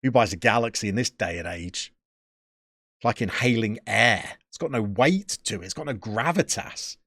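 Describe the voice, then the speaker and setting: A man's voice: on the low side, animated, normal speed, a bit bright, no room sound, studio quality. A man, chatting casually as a streamer and answering his live chat with joking, opinionated banter.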